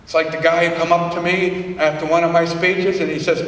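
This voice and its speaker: A man's voice: fairly high pitch, little pitch movement, a little fast, fairly bright tone. A man giving a motivational speech to a live audience, punchy and repetitive, with folksy slang. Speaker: motivational speaker. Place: large hall. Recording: echoey hall from far off.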